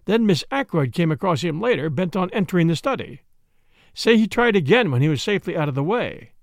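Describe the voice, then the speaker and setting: A man reading the part of a brisk middle-aged police inspector, blunt and questioning, in an audiobook. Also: high voice, expressive, no room sound, studio quality. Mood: probing.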